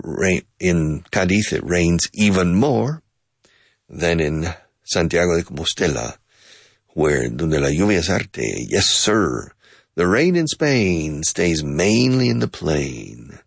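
A man teaching an English lesson in a playful, casual way, repeating phrases slowly and switching to Spanish to explain. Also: low-pitched, creaky, breathy edge, dry recording, clean studio sound.

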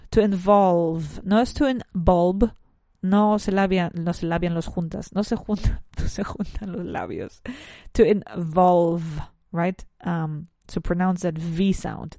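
A woman's voice: fairly low pitch, a little mellow, no echo, studio quality. Woman teaching English vocabulary. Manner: switches between English and Spanish, self-correcting, chatty asides. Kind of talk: bilingual lesson, teaching English vocabulary to Spanish speakers.

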